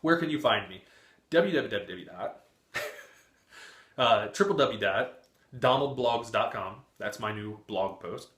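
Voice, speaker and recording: Young man, twenties, loose talkative vlogger, bright tone, roomy echo. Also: on the low side, animated, takes it slowly, long pauses. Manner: chatty, frequent cursing and laughter. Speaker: book vlogger. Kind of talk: casual chat. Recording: echoey room.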